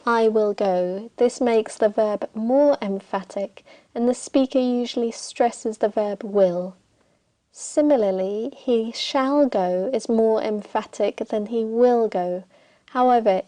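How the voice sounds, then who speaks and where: Woman reading a grammar lesson, slow and careful, soft mellow tone, dry close sound. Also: on the high side, no echo. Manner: slow, deliberate, reads example sentences aloud. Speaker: English teacher. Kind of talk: scripted grammar lesson narration.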